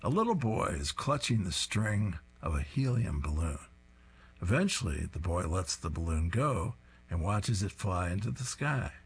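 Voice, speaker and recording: Male reader for comic strips: low, gravelly and raspy voice with a lively, animated delivery. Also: normal speed. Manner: amused, chuckling, describes each panel. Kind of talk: reading aloud.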